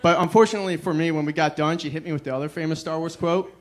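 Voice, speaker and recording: A young man performing a stand-up comedy set, deadpan and self-deprecating, with a weary "ugh" between jokes. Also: fairly high pitch, rapid-fire, hardly any pauses.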